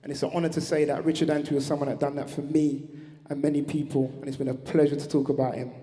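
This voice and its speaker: A man's voice: a little high, level tone, fast talker, dark tone. A man giving a heartfelt, slangy tribute speech on stage at an awards ceremony. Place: large awards venue hall. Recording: reverberant hall.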